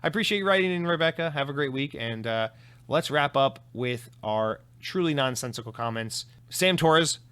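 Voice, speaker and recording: A man's voice: mid-range voice, animated, moderate pace, fairly bright tone, clear, resonant tone. A man hosting a solo podcast, chatting casually and rambling with many restarts and repeated words, swearing now and then. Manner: casual and profane, self-deprecating. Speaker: podcast host. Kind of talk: solo podcast chat reading listener comments.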